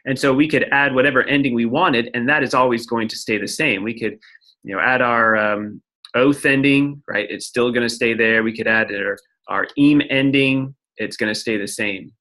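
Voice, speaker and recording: A man's voice: medium pitch, normal speed, pushed and bright. A man teaching a lecture-style lesson, explaining step by step and often checking in with "right?". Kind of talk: recorded lecture at a whiteboard.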